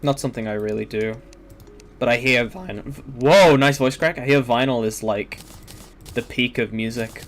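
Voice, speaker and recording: A man's voice: mid-range voice, normal speed, a little hiss or hum. A young adult man casually chatting while he streams a game, rambling with lots of fillers and swearing. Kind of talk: casual gaming stream chat.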